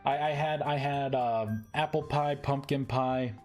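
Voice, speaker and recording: A man's voice: mid-range voice, measured pace, a little mellow. A man streaming a modded game, thinking aloud in casual chat with many fillers and restarts, over faint background music. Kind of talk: casual live-stream chat while gaming.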